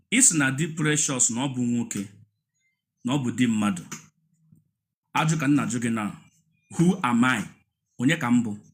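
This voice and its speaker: A man's voice: medium pitch, heavy reverb. A Nigerian man arguing insistently in a live online discussion, firing off rhetorical questions and repeating himself. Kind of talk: heated live-room debate in Pidgin and Igbo mix.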